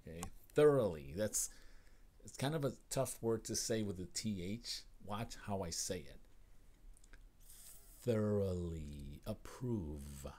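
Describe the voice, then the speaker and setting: An American man teaching English on a live stream, greeting viewers and repeating phrases slowly and with emphasis. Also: low-pitched, darkish tone. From United States.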